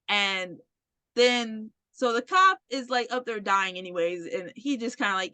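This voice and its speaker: A woman's voice: on the high side, expressive, unhurried, bright, forceful tone, clear, resonant tone, dry recording. A woman hosting a podcast, animatedly retelling a movie plot with swearing and laughter, acting out the characters. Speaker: podcast host. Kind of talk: casual movie recap chat.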